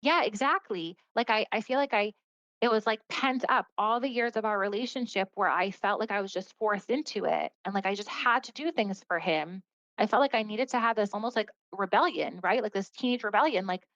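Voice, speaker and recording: A woman's voice: medium pitch, a little fast, fairly bright tone, no room sound. A woman talks as a podcast guest, recounting her story earnestly and casually. She leans on "like" as she goes. The audio is dry and slightly dull, with a lo-fi edge. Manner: earnest, heavy use of "like" as a filler.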